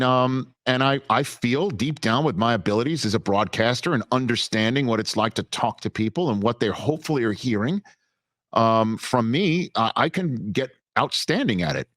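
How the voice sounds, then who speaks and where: A man's voice: mid-range voice, moderate pace, no echo. Man telling stories, dry close sound. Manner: animated storyteller with many restarts. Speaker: guest broadcaster. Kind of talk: casual interview talk.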